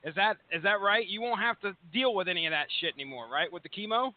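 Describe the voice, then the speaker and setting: A man co-hosting a casual podcast, excitable and swearing, laughing often. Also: high-pitched, fast, dry recording. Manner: excitable, profane, laughs a lot. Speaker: podcast co-host. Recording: phone-like band.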